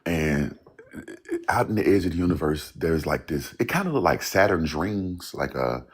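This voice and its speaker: A man telling a story in casual, animated talk, laughing and swearing as he acts out what people said. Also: very deep voice, normal speed, slightly rough.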